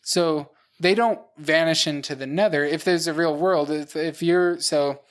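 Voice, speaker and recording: A man's voice: a little high, measured pace, clear, resonant tone. Methodical man co-hosting a podcast. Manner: methodical, explains step by step with "uh" and "like". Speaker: podcast co-host, dungeon master. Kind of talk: casual chat.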